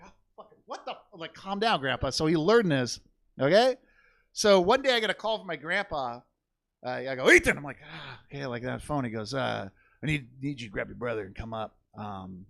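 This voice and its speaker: A man's voice: on the high side, fairly bright tone, dry recording. A young man telling a crude family story in a stand-up comedy set, swearing freely and acting out the people in it. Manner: profane storytelling with voiced impressions. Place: comedy theater stage.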